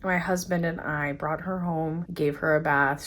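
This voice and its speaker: Vlogger, woman in her thirties, deep-ish tone; emotional, rambling storyteller. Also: fairly even intonation, normal speed, few pauses, a little hiss or hum. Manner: emotional, rambling retelling with many "like"s. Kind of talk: personal storytime vlog.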